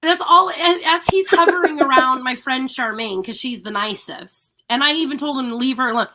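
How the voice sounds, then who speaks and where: A woman co-hosting a live talk show, telling animated stories in casual chat and laughing often. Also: sits high, brisk, a little hiss or hum. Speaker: radio show co-host.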